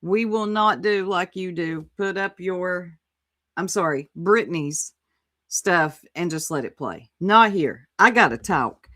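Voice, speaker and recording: A woman's voice: lowish voice, expressive, unhurried, sharp tone, no room sound, clean studio sound. A woman hosting a casual live-stream chat, chatty and drawling. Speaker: host.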